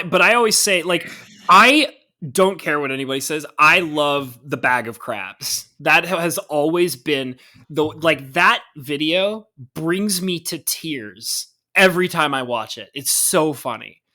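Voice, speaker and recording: A man in casual podcast chat, rambling with excitement. His voice sits a bit high and rings bright, with a lively, bouncy pitch. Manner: excitable, rambling, quick to laugh. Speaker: podcast host.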